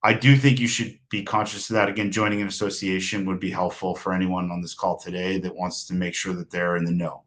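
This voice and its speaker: Man with a lowish, halting voice. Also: level tone, a bit bright. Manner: halting, many restarts and fillers. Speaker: consultant guest on a webinar. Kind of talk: unscripted expert commentary.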